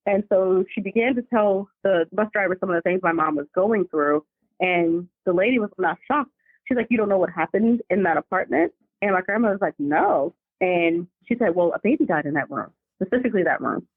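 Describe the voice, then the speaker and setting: A woman's voice: fairly low pitch, brisk, no room sound. Chatty woman on a tinny phone line. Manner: animated, chatty, slangy. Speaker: caller telling family ghost stories. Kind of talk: casual storytelling over the phone. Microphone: phone call.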